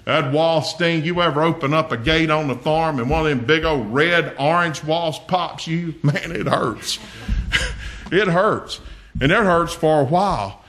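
A man's voice: fairly high pitch, unhurried, a bit bright. An older man preaching a sermon, folksy and earnest, telling homely stories with humor.

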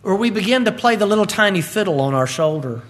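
A man preaching a sermon, swinging between slow emphatic lines and quick bursts. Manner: animated preaching, swinging pitch and pace.

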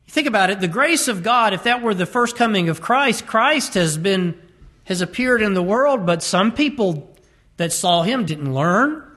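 A man with a fairly high voice delivers a sermon. He leans hard on key words, stretching some out slowly and rushing through others. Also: expressive, pushed and bright. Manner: emphatic, varies pace to stress words. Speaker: preacher.

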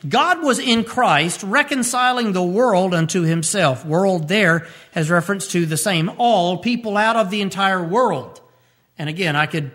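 A man preaching a radio sermon as pastor, repeating key phrases and rising sharply in pitch when he stresses a point. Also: a bit bright.

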